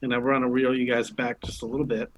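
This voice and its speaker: A man co-hosting a podcast, speaking in a measured way as he pulls a casual group discussion back to its theme. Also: mid-range voice, flat delivery, poor audio. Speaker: podcast co-host.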